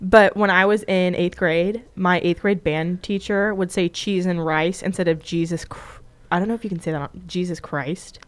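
A woman's voice: fairly low pitch, fairly even intonation, normal speed. Young woman, college radio host, giggly, casual studio chat. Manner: giggly, bubbly, laughs often. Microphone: studio mic.

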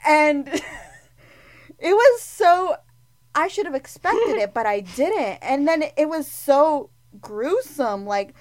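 A woman co-hosting a film podcast, gushing and animated as she retells scenes. She fills her talk with "like" and speaks in a fairly high voice. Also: takes it slowly. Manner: gushing and animated, many "like" fillers. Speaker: podcast co-host. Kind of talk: casual film review chat.

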